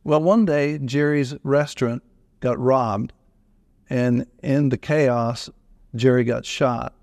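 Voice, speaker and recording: A man's voice: mid-range voice, fairly even intonation, takes it slowly, a little mellow, no room sound. An older man giving a folksy, humorous sermon-style radio talk that quotes scripture. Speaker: radio speaker on retirement.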